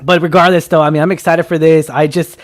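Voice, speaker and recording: A man co-hosting a movie talk show, excitable and jokey in casual chat. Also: on the high side, quick pace. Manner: excitable, jokey, restarts a lot. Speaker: podcast co-host.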